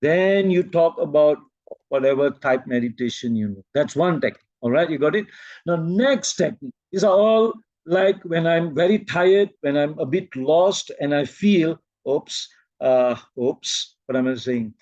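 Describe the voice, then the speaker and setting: Malaysian male workshop trainer, slightly high and mellow, slow and soothing delivery, dull lo-fi sound. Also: expressive, dry recording. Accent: Malaysian English. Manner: slow, soothing, drops to near-whispers when guiding breathing. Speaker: meditation and presentation trainer. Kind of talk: workshop teaching with guided demos. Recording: dull lo-fi recording.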